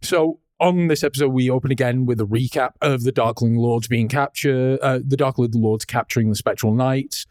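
A man's voice: medium pitch, moderate pace, few pauses, a little mellow, no echo, clean studio sound. A man co-hosting a podcast in casual chat, laughing often, swearing casually and acting out characters. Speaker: podcast co-host. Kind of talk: casual chat recapping a cartoon.

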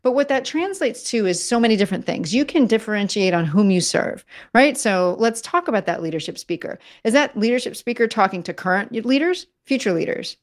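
Woman interview guest, chatty and self-interrupting, average pitch. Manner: animated, self-interrupting, lots of fillers. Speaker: guest, messaging consultant. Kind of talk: conversational interview.

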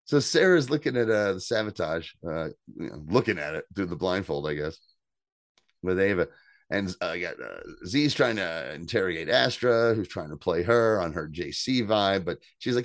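A man with a lowish voice recaps a TV episode on a casual podcast, telling it with lively, animated energy. He acts out the characters' lines and swears freely. The sound is dry and close, with no room around it. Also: normal speed, no echo. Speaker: podcast co-host.

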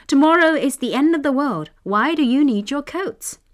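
A woman's voice: high voice, expressive, moderate pace, pitched above the performer's own voice. A woman voicing a witty, sly male folk trickster in a storybook reading, with a raised, mock-innocent voice.

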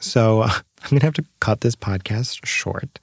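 Male podcast host, low-pitched, a bit out of breath, wry and sarcastic, recorded dry and close in a closet. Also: measured pace, creaky, breathy edge, no room sound. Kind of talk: casual solo podcast narration. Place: small home closet.

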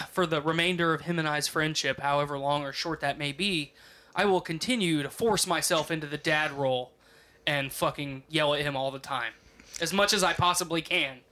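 A man's voice: on the high side, pushed and bright. A man in casual chat, rambling and swearing, full of "like" and "you know".

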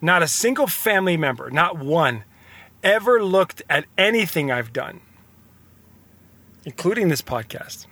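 A man's voice: fairly high pitch, sing-song, unhurried, long pauses, sharp tone, slightly rough. A young man hosting a podcast, talking in an earnest, rambling, confessional motivational monologue. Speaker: podcast host.

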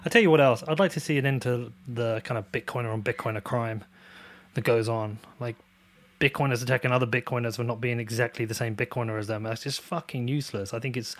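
A man's voice: mid-range voice, steady tone, fast. A man hosting a podcast, talking bluntly and swearing freely, and raising his voice when he quotes others. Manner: blunt and profane, quoting others in a raised voice. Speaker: podcast host. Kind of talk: casual conversation. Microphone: video call.

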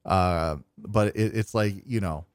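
A man's voice: lowish voice, a little slow, clean tone, dry recording, studio quality. A young man co-hosting a podcast, telling a long, rambling story in casual chat and acting out the people in it with self-deprecating humor. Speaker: podcast co-host.

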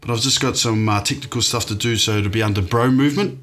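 New Zealand-accented male podcast guest, enthusiastic, mid-pitched, bright. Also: quick pace. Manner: enthusiastic, warm-hearted, laughs often. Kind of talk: casual podcast conversation.

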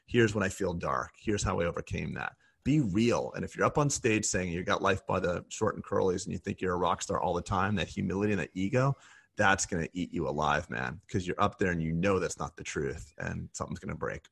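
A man in his forties with a low, gravelly voice and a husky edge co-hosts a candid podcast chat. He talks in a reflective, unguarded way, swearing freely as he makes his points. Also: fairly quick, fairly bright tone. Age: 40s. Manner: blunt, profane and reflective. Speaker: podcast co-host.

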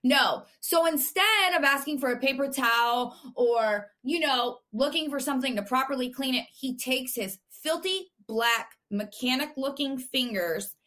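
A woman podcast co-host telling a profane, animated story in casual chat. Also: high-pitched, measured pace, few pauses.

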